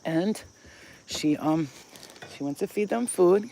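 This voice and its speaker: A woman's voice: low-pitched, normal speed, gravelly, mellow, slight background noise. A woman vlogger telling stories to camera in a blunt, profane way, breaking off to talk baby talk to her pets. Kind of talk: casual storytelling to camera.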